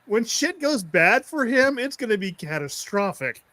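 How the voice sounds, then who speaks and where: A middle-aged man with a fairly high voice, chatting casually on a podcast. He laughs easily and jumps in with his own stories in a relaxed, chatty way. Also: no room sound. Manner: chatty and quick to laugh, eager listener. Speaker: podcast co-host. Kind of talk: casual chat.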